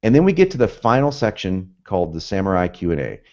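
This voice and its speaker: A man's voice: sits low, big pitch swings, fast talker, a little mellow. A man teaching in a casual, chatty way, often laughing and acting out the lines he quotes. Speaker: copywriting teacher. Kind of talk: casual instructional talk. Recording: dull lo-fi audio.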